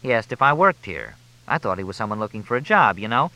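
A man's voice: on the low side, big pitch swings, quick pace, bright, forceful tone, full character voice, poor audio. A man voicing a big, plain-spoken female masseuse who talks in a chatty, matter-of-fact way. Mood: uneasy.

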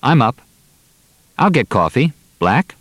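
A man reading the part of a slim, orderly teenage boy, speaking in short brisk lines a little higher than his narration. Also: sing-song, a bit bright, dry recording, full character voice.

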